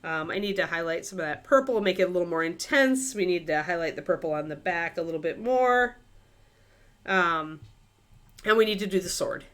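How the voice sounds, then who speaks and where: Donna chiacchierona dalla voce molto mobile. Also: female voice, on the low side, expressive, fairly quick, fairly bright tone. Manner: chatty, thinks aloud, many fillers, talks to her dog. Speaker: miniature painting livestream host. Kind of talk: casual chat while painting on a livestream.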